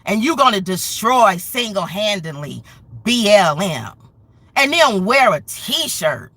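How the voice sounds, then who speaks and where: A woman's voice: medium pitch, big pitch swings, takes it slowly, a bit bright, dry recording. A woman hosting a commentary show, speaking in an impassioned, angry, emphatic rant. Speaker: show host.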